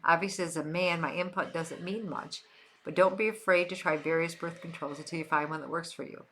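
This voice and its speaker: There's a little hiss or hum as an older Western New York woman hosts a livestream, chatting casually and answering viewers. She talks briskly in a steady, fairly bright voice on the low side, repeating phrases for emphasis.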